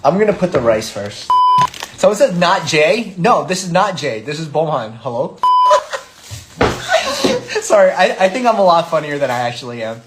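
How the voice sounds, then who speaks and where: A man's voice: a little high, wildly swooping pitch, moderate pace, pauses often, heavy background noise. A young man rambling through stories on a livestream and giggling at himself, in a casual chatty way. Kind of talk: casual chat.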